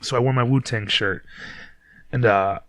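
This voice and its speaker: A podcast host from Detroit tells a loose, rambling story, swearing freely. His voice is middle-pitched and ordinary. The room sound is very dry and close. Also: steady tone, moderate pace, fairly bright tone, no room sound. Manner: profane, rambling, laid-back. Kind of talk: casual storytelling monologue.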